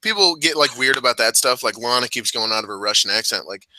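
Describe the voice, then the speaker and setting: A man's voice: mid-range voice, lively intonation, quick pace, bright, forceful tone, no echo, low-quality recording. A man from Illinois co-hosting a wrestling podcast in loose, profane casual chat, laughing often. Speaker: podcast co-host.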